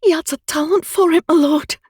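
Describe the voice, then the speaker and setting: A woman's voice: very high-pitched, darkish tone, dry recording, studio quality, pitched above the performer's own voice. Woman voicing an eager young housemaid. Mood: deferential. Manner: deferential, hurried.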